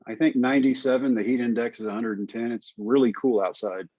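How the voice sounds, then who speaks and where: A man, answering interview questions in a relaxed, anecdotal way and acting out quotes as he tells stories. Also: mid-range voice, brisk, no room sound, lo-fi sound. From Texas, United States. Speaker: guest, speaker and author.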